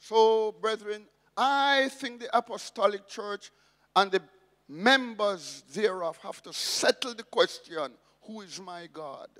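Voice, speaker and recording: A man's voice: high voice, slow pace, a bit bright, long reverb tail. A man preaching a sermon as pastor, emphatic and repeating his key phrases.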